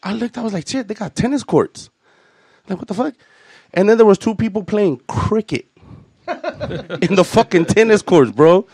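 A man's voice: high voice, normal speed, darkish tone, slightly rough, no echo, clean studio sound. A man, doing a profane stand-up set full of street slang. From Los Angeles. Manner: profane, storytelling, Chicano slang. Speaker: stand-up comedian.

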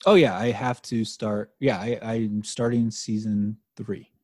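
A man with a mellow, slightly husky voice talks comics on a podcast, restarting sentences and swearing as he gets excited. The sound is close and dry, with no room around him. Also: on the low side, unhurried, no room sound. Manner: animated, swearing, trailing restarts. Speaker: podcast co-host. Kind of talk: casual chat about comics.

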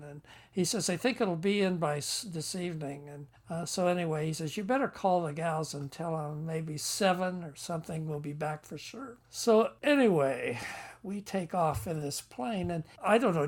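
A man's voice: sits high, normal speed. Older man rambling through an anecdote. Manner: rambling, chuckling, acts out quoted dialogue. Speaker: guest, book author. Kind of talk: storytelling anecdote.

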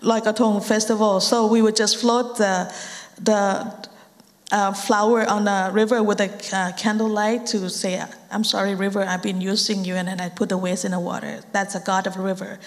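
A young woman from Thailand with a Thai accent, speaking English as a second language. She gives an earnest personal testimony with halting phrasing and frequent restarts. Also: medium pitch, flat delivery. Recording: long hall reverb.

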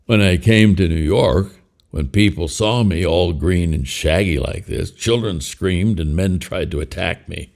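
A man's voice: deep voice, measured pace, creaky, darkish tone. A man voicing a wry, shaggy green male yeti puppet in a spoken story, his voice a bit muffled.

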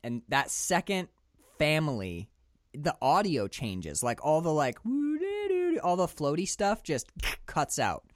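Animated man chatting about a film. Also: fairly high pitch, a little slow, no room sound, studio quality. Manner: animated, laughs often, acts out scenes. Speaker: podcast co-host. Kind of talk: casual film discussion.

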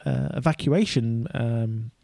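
A man's voice: medium pitch, slow, vocal fry, dark tone, dry recording. A man co-hosting a casual podcast, rambling with many fillers and restarts. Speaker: podcast co-host.

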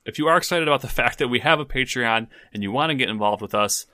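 A man's voice: mid-range voice, fast, pushed and bright, no echo, studio quality. A man co-hosting a podcast, chatting casually and joking, swearing freely. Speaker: podcast co-host. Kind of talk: casual chat.

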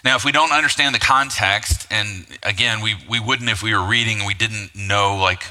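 A man's voice: lowish voice, normal speed, pushed and bright. A man preaching a sermon as pastor, talking conversationally with rhetorical asides and frequent fillers. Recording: long hall reverb.

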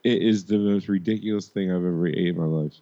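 Male podcast host, lowish voice, halting casual chat, lo-fi sound. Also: dark tone. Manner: rambling, halting banter.

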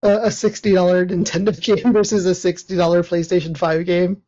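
A man's voice: high voice, level tone, a little fast, warm tone, dull audio. A man co-hosting a podcast, giggly and rambling in casual chat, full of filler words. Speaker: podcast co-host.

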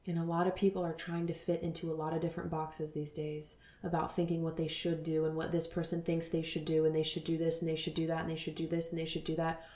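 Woman, thirties, spiritual podcast host, earnest, whispery at times, low voice, roomy echo. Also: monotone, fast, few pauses. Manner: soft, earnest, drops to whispers.

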